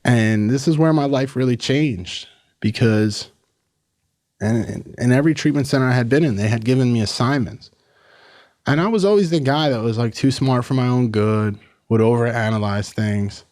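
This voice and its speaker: A man in his thirties from New York, a podcast guest telling his story in a blunt, profane, animated way, full of "like" and "bro". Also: mid-range voice, normal speed, no echo, studio quality. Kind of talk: casual storytelling.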